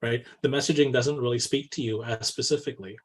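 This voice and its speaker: Husky man, animated business podcast talk. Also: mid-range voice, fast. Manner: animated, says "right?" constantly, acts out quoted dialogue. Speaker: co-host. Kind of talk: casual business podcast chat.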